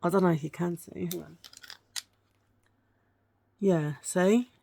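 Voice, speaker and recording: A woman's voice: lowish voice, slow, gravelly, dark tone, slight background noise. A middle-aged woman chatting casually and frankly in a beauty product review vlog, rambling from one point to the next. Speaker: beauty vlogger.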